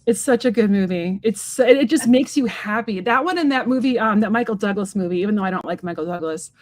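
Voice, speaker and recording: A woman's voice: mid-range voice, fast, a little mellow. A middle-aged woman hosting a casual livestream chat, rambling and enthusiastic with lots of fillers. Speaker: psychic medium and livestream host.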